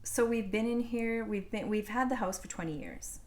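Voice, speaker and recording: A woman's voice: fairly high pitch, normal speed. A woman in her forties, a knitting podcast host, telling a casual story into a phone, rambling with fillers and restarts.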